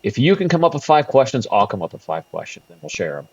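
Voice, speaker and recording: A man's voice: mid-range voice, very animated, quick pace, slightly rough, dry recording, highs cut off. A man in his thirties co-hosting a casual podcast, laughing often and stammering through restarts. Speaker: podcast co-host. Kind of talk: casual chat. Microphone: remote call mic.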